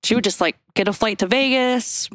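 A woman's voice: fairly high pitch, normal speed, a bit bright, dry recording, studio quality. A woman from Mississippi co-hosting a podcast, rambling and giggling through crude comic chat. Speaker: podcast co-host.

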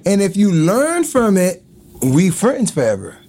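A middle-aged man in casual chat, animated and laughing often, acting out loud quotes. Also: sits high, measured pace, a little hiss or hum.

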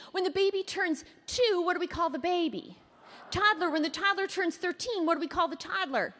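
A woman from Canada delivers a keynote to a live crowd, talking fast and tossing questions at the audience. Her voice sits high and swings widely in pitch. The sound carries a long reverb from a large hall. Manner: fast-talking, quizzes the audience, playful asides. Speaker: keynote speaker.

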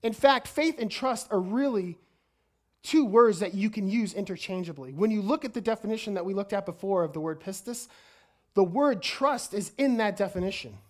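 Woman preacher, sermon, energetic, stumbling restarts, mid-pitched voice. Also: normal speed. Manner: energetic, stumbles and repeats words.

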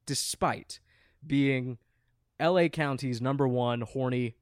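Male podcast host, slightly high voice, dry close sound, swears freely and jokes around. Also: expressive, normal speed, no room sound. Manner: loose, profane, jokey banter. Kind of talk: casual chat.

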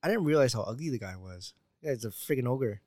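A man's voice: medium pitch, lively intonation, fast talker, a little mellow, no room sound. A man co-hosting a casual podcast chat, playful and quizzing, laughing often. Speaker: podcast co-host.

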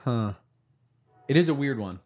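A man's voice: medium pitch, expressive, unhurried, darkish tone. A man co-hosting a casual book discussion podcast, thinking aloud through his theories. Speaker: podcast co-host.

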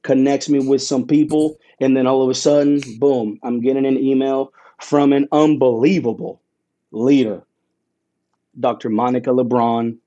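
As an interview guest, a man tells his story with mounting excitement and emotion, like a play-by-play broadcaster using punchy phrases and dramatic pauses. His medium-pitched voice is warm and mellow, never bright, and the sound is lo-fi.

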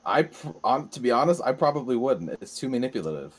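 A man co-hosting a casual podcast, answering in a dry, measured and sceptical way. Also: mid-range voice, big pitch swings. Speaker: podcast co-host.

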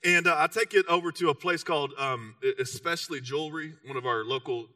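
A man's voice: a little high, fast, bright, forceful tone, dry recording, clean studio sound, far from the mic. A man in his thirties from Texas with a Texan accent, preaching a sermon as a casual, self-mocking story full of "you know". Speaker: pastor.

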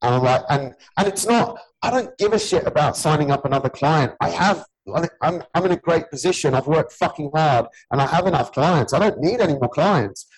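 A man's voice: a little high, animated, a little fast, hardly any pauses, slightly rough, poor audio. A man in his early forties, a gym owner, talks bluntly and earnestly in a casual podcast chat. He swears freely and keeps calling the other man "mate". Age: 40s. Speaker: gym owner and personal trainer, podcast host.

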